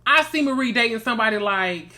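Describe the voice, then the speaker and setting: A man runs a reality TV recap, chatty and sassy. His voice is bright and forceful, and he keeps calling his listeners baby and girl. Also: extremely high pitch, expressive, quick pace. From Mississippi. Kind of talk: casual review commentary.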